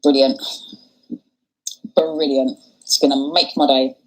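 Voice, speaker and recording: A woman's voice: a bass voice, level tone, slow, rough recording. A woman hosting a casual livestream, talking bluntly and swearing often. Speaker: livestream host. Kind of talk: casual live commentary.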